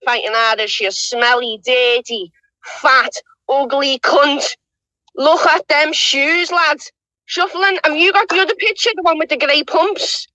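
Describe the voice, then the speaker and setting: A woman's voice: sits high, unhurried, sharp tone, no echo, rough recording. A woman, ranting on a livestream in a foul-mouthed, scornful way, hurling insults. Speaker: livestream panelist. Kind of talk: heated livestream rant.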